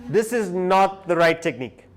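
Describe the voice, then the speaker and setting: High, lively male lecturer. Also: moderate pace, crowd noise. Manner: animated storyteller, acts out quoted voices. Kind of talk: live lecture with storytelling. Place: lecture hall.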